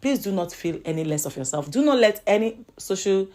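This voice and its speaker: A woman's voice: mid-range voice, lively intonation, brisk, darkish tone. A woman hosting a vlog, earnest and encouraging toward viewers. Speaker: host. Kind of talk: vlog commentary.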